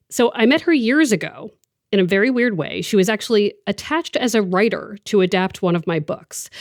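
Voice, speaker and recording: A woman hosting a podcast, chatting enthusiastically with her guest and telling stories with lively asides. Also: mid-range voice, dry recording, studio quality. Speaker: podcast host. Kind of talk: conversational podcast interview.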